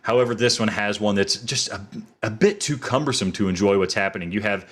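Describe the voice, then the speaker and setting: Man reviewing a game, low voice. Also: fairly quick, a bit bright. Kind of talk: mock courtroom game review.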